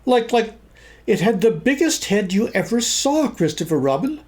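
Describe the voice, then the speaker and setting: A tiny, panicky young piglet from a children's storybook, his voice pushed far up into a thin, squeaky register. He stammers and gasps, breathless and fearful, tumbling over his words. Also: sing-song, moderate pace, darkish tone.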